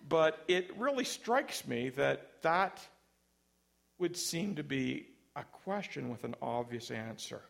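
A man's voice: mid-range voice, creaky. A man preaching a sermon in church, conversational and self-deprecating, with light humor between points. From Canada.

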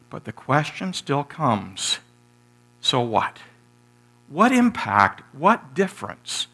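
A middle-aged male pastor delivering a sermon in a bright, forward voice. He tells the story in a relaxed way, with "uh" fillers and restarts. Then he rises to emphatic, energetic peaks. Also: mid-range voice.

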